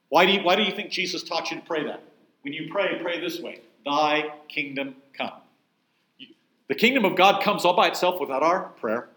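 A man leads a Bible class, talking in a lively, conversational way and stressing points hard. He keeps asking his listeners questions. His voice sits a little high and rings in an echoey room. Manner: emphatic, asks the room questions. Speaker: pastor teaching a Bible class.

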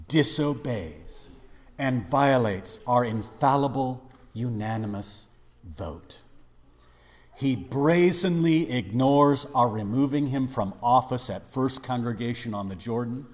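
A man's voice: mid-range voice, slow pace. A man preaching a dramatic sermon in a church, acting out the voices of people in the story. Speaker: pastor. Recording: long reverb of a large hall.

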